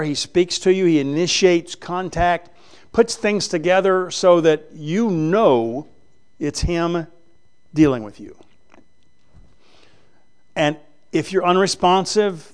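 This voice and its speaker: A man preaching a sermon as pastor, swinging from loud emphatic preaching to hushed, earnest tones and quoting scripture in old-fashioned phrasing. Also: high-pitched, clean tone.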